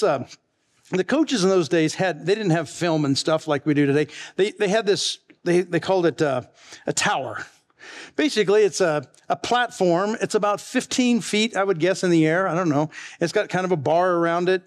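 A middle-aged male pastor preaching a sermon in a folksy, chatty way, telling family stories and chuckling along. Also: high voice. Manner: folksy, chatty, laughs at his own stories. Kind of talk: sermon with storytelling.

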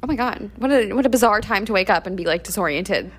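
A woman's voice: medium pitch, expressive, fast. A woman co-hosting a casual podcast, reacting playfully with gasps and laughs. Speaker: podcast co-host. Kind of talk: casual chat.

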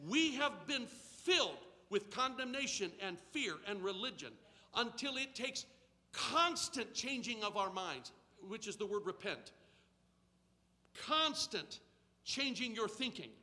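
High, lively preaching man in a hall. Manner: preaching with rising shouted repetition and congregation call-and-response. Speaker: pastor. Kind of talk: sermon. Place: church sanctuary. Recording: long reverb of a large hall.

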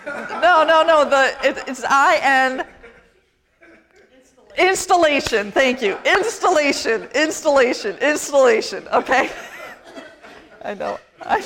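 Woman priest, middle-aged, higher-pitched, chatty storytelling sermon, self-deprecating. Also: lively intonation, unhurried, a bit bright. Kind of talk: conversational sermon.

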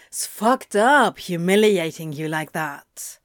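A woman's voice: mid-range voice, lively intonation, slow, no echo, clean studio sound. A woman voicing a grumbling, prickly man. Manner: irritable, snappish. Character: prickly, grumbling adult man, easily flustered. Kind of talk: audiobook reading of fan fiction.

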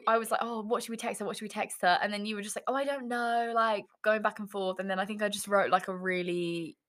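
A young woman, co-hosting a podcast and telling a story in animated, laughing casual chat. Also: fairly high pitch. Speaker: podcast co-host.

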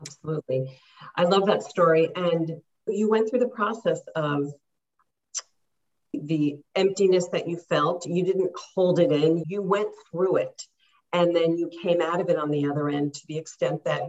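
A woman's voice: low-pitched, steady tone, moderate pace, darkish tone. Earnest woman life coach, lo-fi sound. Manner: earnest, reflective. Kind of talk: interview answers.

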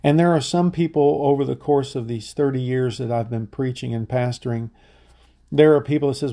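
A middle-aged man preaches a sermon as a pastor, earnest and insistent, often stumbling into restarts. His voice is gravelly and has a fry to it. The tone is dark and mellow. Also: medium pitch, normal speed.

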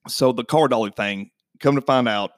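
A man, a podcast guest in his thirties, telling a long story in casual chat and acting out the other people's voices with big jumps in pitch. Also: moderate pace, dry recording, clean studio sound.

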